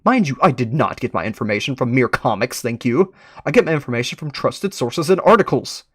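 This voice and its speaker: A man's voice: mid-range voice, lively intonation, fairly quick, breathy edge, no room sound, studio quality. A man voicing a grumpy, paranoid young man who is sure of a conspiracy and speaks in an indignant, defensive tone.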